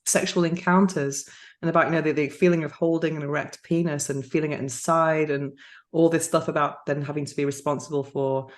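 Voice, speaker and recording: A woman with a somewhat low voice hosts a relaxed podcast conversation. She chats freely, breaking into laughter and stumbling over restarts as she tells stories. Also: a little fast. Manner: chatty, laughing, with frequent restarts. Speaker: podcast host. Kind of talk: casual interview chat.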